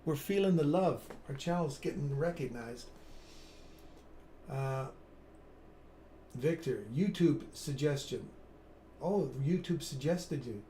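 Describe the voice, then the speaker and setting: A man's voice: a little high, animated, slow, long pauses, warm tone, roomy sound, slight background noise. A man in his fifties hosting a live trading stream, chatting in an upbeat way and reading viewer comments aloud. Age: 50s. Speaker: trading livestream host.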